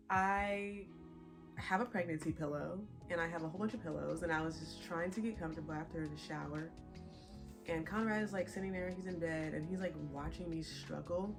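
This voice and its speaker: A woman's voice: lowish voice, creaky. A young pregnant woman chatting casually to her viewers, laughing often as she tells a story. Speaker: vlogger. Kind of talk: casual chat.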